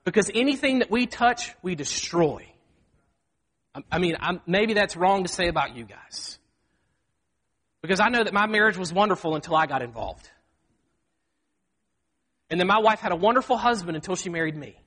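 High-voiced pastor preaching. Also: male voice, expressive, normal speed, pauses often, a bit bright. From Mississippi. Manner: earnest, self-deprecating, acts out quoted speech. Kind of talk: sermon. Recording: long hall reverb.

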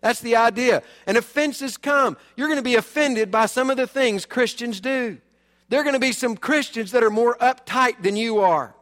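A man pastor preaching a sermon, animated and emphatic, swinging between loud and quiet. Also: extremely high pitch, normal speed, in a large hall.

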